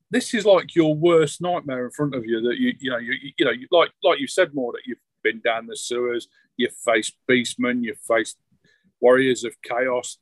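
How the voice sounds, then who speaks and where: A man's voice: mid-range voice, no room sound, poor audio. A man narrating a tabletop game as game master, rambling loosely with many fillers.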